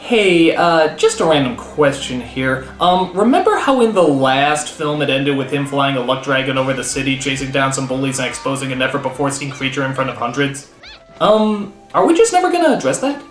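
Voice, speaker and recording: A man reviewing films in a sarcastic comedic rant, with explosive shouting outbursts. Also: mid-range voice, sing-song, a little fast, roomy sound, soft background music. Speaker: comedic film critic.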